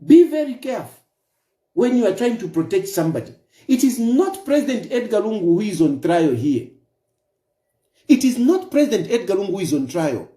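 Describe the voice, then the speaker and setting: A man's voice: high voice, very animated, a little fast, dark tone, reverberant. A man with a Zambian accent giving a political commentary monologue, emphatic, repeating his points and firing off rhetorical questions. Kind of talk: opinion monologue.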